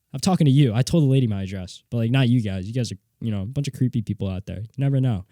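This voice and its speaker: A man's voice: medium pitch, fast talker, few pauses, no echo. Rambling young man telling a story in a home studio. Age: young adult. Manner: rambling, animated, swears casually. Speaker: podcast host. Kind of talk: casual solo storytelling. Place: home studio with guitar and mixing board.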